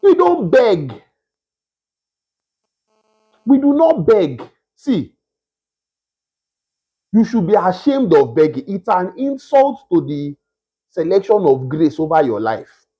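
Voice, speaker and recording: A man preaching a sermon, emphatic and repetitive, with a husky voice. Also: sits high, huge pitch swings, slow pace, long pauses, warm tone, lo-fi sound. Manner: emphatic, repetitive, mimics beggars in a whiny voice.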